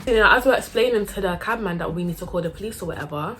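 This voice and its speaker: A young woman telling a casual, animated storytime full of slang and acted-out voices. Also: medium pitch, very fast, soft background music. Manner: animated, slangy, acts out everyone's lines.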